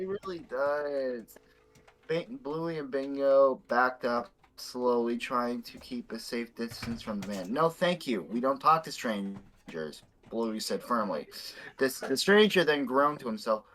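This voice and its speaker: A man's voice: mid-range voice, expressive, a little slow, a bit bright, rough recording. A young man hosting, reading a fan fiction aloud with stumbling, swearing asides. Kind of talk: casual reading with commentary.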